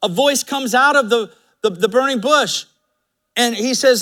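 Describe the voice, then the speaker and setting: A male pastor delivers a sermon in a high, bright voice. He preaches in an emphatic, conversational way and acts out quoted lines as he goes. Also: moderate pace. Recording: live church sermon audio.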